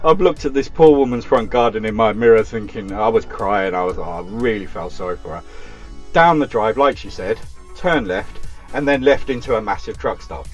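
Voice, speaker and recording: Chatty Essex cabbie telling stories. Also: male voice, on the low side, normal speed, soft background music. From Essex, England. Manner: chatty, animated anecdote telling. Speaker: taxi driver guest. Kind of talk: casual storytelling chat.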